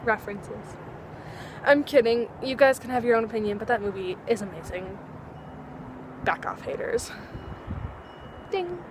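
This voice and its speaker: A woman's voice: fairly high pitch, expressive, brisk, background noise. A teenage girl vlogging outdoors at dusk, chatting in a bubbly, rambling way and acting out little dialogues. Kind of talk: casual chat to camera.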